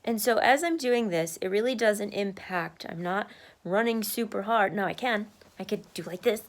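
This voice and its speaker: A woman records a casual video diary at her desk at home. She is chatty and candid, laughs often, and keeps marching in place while she talks. Her voice sits at an ordinary middle pitch. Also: normal speed. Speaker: vlogger sharing a weight-loss journey.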